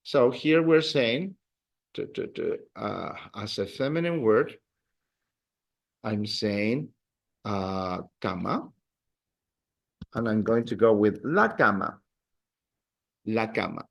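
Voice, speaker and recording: A man's voice: fairly low pitch, animated, takes it slowly, gravelly, pauses often. A man teaching a beginner Spanish class, patiently repeating words and phrases for his learners. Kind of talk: beginner language lesson.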